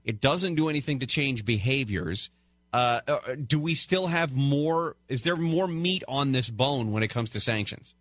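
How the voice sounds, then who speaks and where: A man's voice: mid-range voice, expressive, normal speed, fairly bright tone, no room sound, studio quality. A man co-hosting a talk radio show, chatting conversationally with fillers and restarts. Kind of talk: casual talk radio chat.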